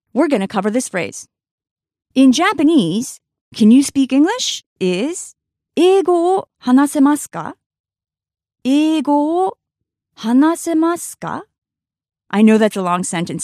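A woman teaching a scripted language lesson, speaking clearly and carefully, slowing down to sound out words for practice. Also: high-pitched, very animated, dark tone, no room sound, clean studio sound.

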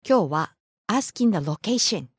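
A woman co-hosting a language lesson as the teacher, slowly and patiently modeling words. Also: mid-range voice, animated, breathy edge, dry recording, clean studio sound.

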